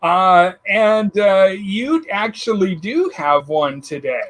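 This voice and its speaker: A man's voice: high voice, slow, a bit bright. A man hosting an online radio talk show, joking around and laughing often. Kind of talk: casual chat.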